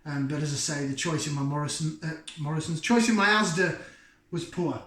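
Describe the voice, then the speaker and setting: Chatty beer vlogger, rambling, self-mocking, slightly higher voice, roomy echo. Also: male voice, steady tone, brisk, fairly bright tone, slight background noise. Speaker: beer reviewer. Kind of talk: casual chat to camera.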